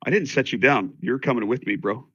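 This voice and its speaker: A man playing in an online tabletop game, talking casually and bursting into loud enthusiasm. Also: mid-range voice, brisk, husky, dry recording, dull audio. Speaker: player.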